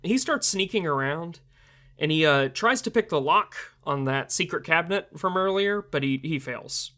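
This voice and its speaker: A man's voice: a little high, animated, moderate pace, bright, forceful tone. A young man reviewing a film in casual commentary, rambling with many fillers and laughs.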